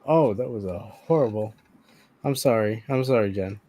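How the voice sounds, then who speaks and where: A man's voice: fairly low pitch, normal speed, warm tone, a little hiss or hum. A man co-hosting a podcast, joking in casual chat and laughing often. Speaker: podcast co-host.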